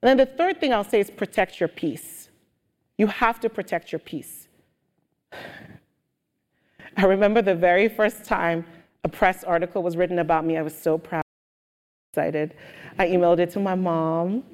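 Animated woman speaking on stage. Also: fairly low pitch, moderate pace, long pauses. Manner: energetic, animated storytelling. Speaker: guest speaker. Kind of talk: live on-stage interview. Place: auditorium with audience. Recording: long hall reverb.

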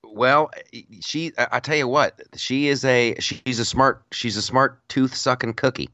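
A man's voice: mid-range voice, a little slow, sharp tone, dry recording, muffled recording. A man co-hosting a casual political chat podcast, rambling and repeating words as he tells stories. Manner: chatty storyteller, repeats words, laughs, puts on silly voices. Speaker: podcast co-host.

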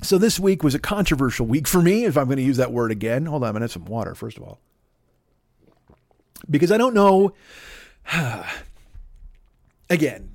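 A man delivering a rambling, profane comedic monologue as podcast host, stammering through restarts and shouting out bits. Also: fairly high pitch, sing-song, moderate pace, pauses often, no echo, studio quality. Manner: shouts bits in put-on voices.

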